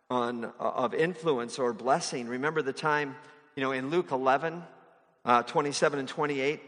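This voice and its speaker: A man's voice: on the high side, a bit bright. A man giving a conversational sermon, asking his listeners rhetorical questions as he explains a passage. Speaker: preacher. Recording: long hall reverb.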